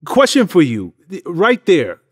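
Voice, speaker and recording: A man hosting a casual interview, giving shout-outs and asking loose, restarting questions. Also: high-pitched, wildly swooping pitch, unhurried, dry recording, studio quality. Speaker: interview host.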